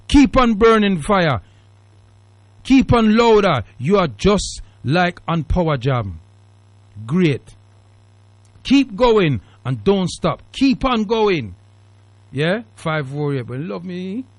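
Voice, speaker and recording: A man hosting a call-in radio show, his British accent shot through with Jamaican Patois. He talks in an emphatic, preachy way, his fairly high voice swinging widely up and down. The studio sound is dry and close. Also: dry recording. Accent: Jamaican Patois-tinged British English. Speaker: radio talk show host. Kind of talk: casual call-in radio talk.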